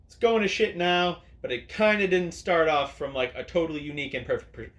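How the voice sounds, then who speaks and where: A man's voice: a little high, fairly even intonation, a little fast, fairly bright tone. A man hosting an opinion video, ranting sarcastically and swearing freely at the camera. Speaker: video host. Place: indoors at a camera.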